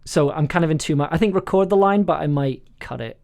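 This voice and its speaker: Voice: mid-range voice, fast, gravelly, a little mellow. An audio drama director chatting casually during a recording session, giggly and prone to restarts.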